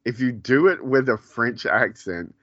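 A man's voice: mid-range voice, lively intonation, unhurried, a bit bright, no echo, dull audio. A man hosting a podcast, chatting casually, rambling with lots of fillers and frequent laughs. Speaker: podcast host. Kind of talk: casual chat.

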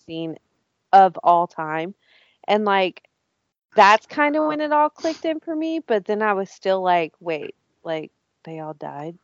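A woman's voice: medium pitch, animated, measured pace, no echo, dull audio. A woman telling a story animatedly in casual chat and swearing often.

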